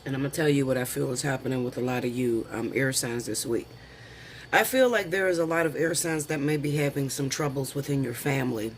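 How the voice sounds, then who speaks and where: A man's voice: medium pitch, slight background noise. A man doing a casual tarot reading, chatty and slangy, calling viewers honey and girl. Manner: lists the cards slowly, then talks them through. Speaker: tarot reader.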